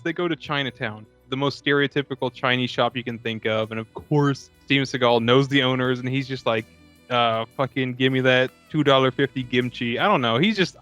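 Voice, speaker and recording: A man co-hosting a podcast, chatting casually about a movie and laughing between animated impressions of its lines. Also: medium pitch. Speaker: podcast co-host. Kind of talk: casual movie review chat.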